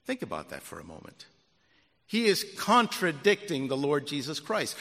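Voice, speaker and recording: A man preaching a sermon with dramatic swings between loud, emphatic peaks and low, drawn-out endings, often asking the congregation rhetorical questions. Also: huge pitch swings, big-room sound.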